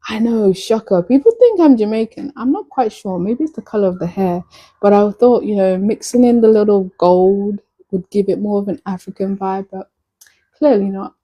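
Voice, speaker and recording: A woman's voice: medium pitch, normal speed, lo-fi sound. A woman from Nigeria chatting playfully and flirtatiously with viewers on a casual live stream.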